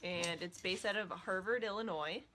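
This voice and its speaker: A woman's voice: fairly low pitch, moderate pace, a bit bright, a little hiss or hum. A woman chatting casually at home as a knitting vlogger, gushing about what she loves and breaking off to scold her dogs. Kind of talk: casual chat.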